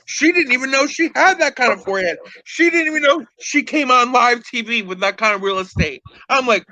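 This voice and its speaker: A man's voice: extremely high pitch, animated, brisk, few pauses, pushed and bright, no echo, poor audio. A man hosting a casual gossip chat, sassy and theatrical, calling his co-host girl and honey.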